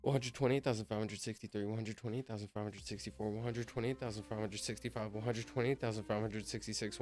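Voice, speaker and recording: A man streaming while he counts aloud, chatting casually and drifting off topic as he talks to himself. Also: on the low side. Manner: rambling, easily sidetracked, talks to himself. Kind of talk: casual livestream chat.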